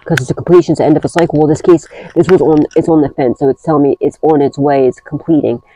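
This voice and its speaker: A woman's voice: low voice, steady tone, fast talker, dark tone, poor audio. A woman giving a casual tarot reading, blunt and profane, rambling through restarts as she talks to her viewers. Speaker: tarot reader.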